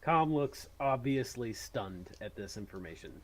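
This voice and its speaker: A man at a tabletop game, narrating his character's moves in a relaxed third-person way. His voice is mid-pitched and easygoing. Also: a little slow. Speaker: player.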